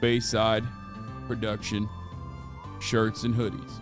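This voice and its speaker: A man's voice: on the low side, completely flat delivery, slow, music in the background. A man livestreaming and chatting casually. He sounds exasperated, swears often and reads chat comments aloud. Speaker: livestreamer selling merch.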